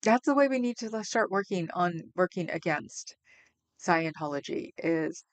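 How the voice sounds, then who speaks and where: Speaking at normal speed with a fairly low, animated voice, this fiftysomething woman hosts a livestream at home. Her talk is casual and meandering, punctuated by frequent laughter.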